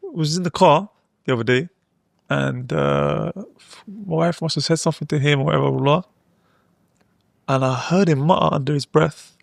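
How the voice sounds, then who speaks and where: A man, telling a family story in a fast, animated way on a podcast. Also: a little high, vocal fry, dry recording, clean studio sound. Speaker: podcast co-host. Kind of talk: casual chat.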